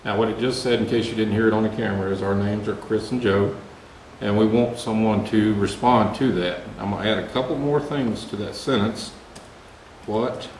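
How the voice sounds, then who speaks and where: A man's voice: fairly low pitch, a little mellow. Man demoing ghost gear, echoey room. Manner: explanatory, easygoing. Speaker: paranormal investigator demonstrating equipment. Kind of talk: casual equipment demo. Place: indoor room with equipment table. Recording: roomy echo with mains hum.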